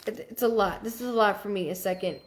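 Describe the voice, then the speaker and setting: Female medium, live-stream host, casual and halting, greets viewers by name. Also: medium pitch. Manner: thanks viewers by name and relays messages in a searching, halting way.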